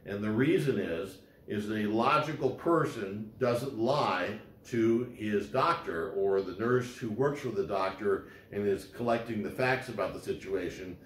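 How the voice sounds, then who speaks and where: A man's voice: fairly low pitch, measured pace, few pauses, roomy sound, slight background noise. A man lecturing casually on law, rambling with frequent fillers and restarts.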